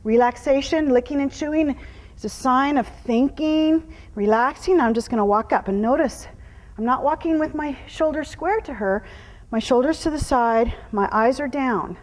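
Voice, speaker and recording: Leading a clinic in a horse arena, a middle-aged woman speaks at normal speed in a somewhat high voice, calmly and patiently walking through each step of the training. Now and then she turns to the horse with soft praise and hushed whispers, and a long reverb tail lingers.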